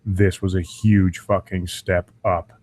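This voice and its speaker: A man's voice: deep voice, flat delivery, slow, darkish tone, slight background noise, rough recording. Ranting, swearing guy losing his voice. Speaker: show host. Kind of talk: profane casual rant to a live audience.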